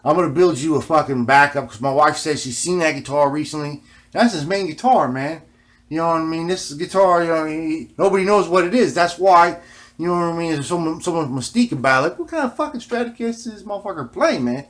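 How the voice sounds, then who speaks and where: A man's voice: a little high, brisk, a bit bright. A man vlogging in a casual, rambling way, swearing often and ending nearly every phrase with "man". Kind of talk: casual rambling vlog talk.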